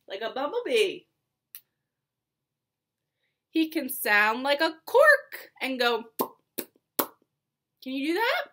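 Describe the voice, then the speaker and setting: A young woman teaching preschoolers over video, talking in a slow, singsong, encouraging way. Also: high-pitched, very animated, fairly bright tone. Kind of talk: online circle time for young children. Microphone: phone or camera held close, adjusted mid-video.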